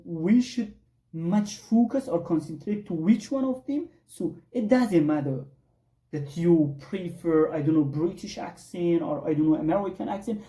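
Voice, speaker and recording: A teacher from Afghanistan gives an online English exam lesson, calling listeners "guys" and filling pauses with "you know" and "I don't know". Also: mid-range voice, mellow, far from the mic. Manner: addresses listeners as guys, many fillers and repeated "I don't know". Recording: echoey room, voice set back from the mic.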